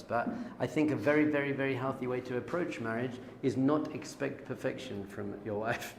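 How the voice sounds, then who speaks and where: A middle-aged man, a rabbi teaching an informal Torah class, lively and joking, acting out little dialogues. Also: mid-range voice, gravelly. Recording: echoey room with faint noise.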